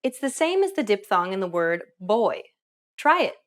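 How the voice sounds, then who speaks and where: A woman presenting a scripted language lesson, with upbeat and clear instructional delivery. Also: mid-range voice, very animated, normal speed. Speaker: language teacher.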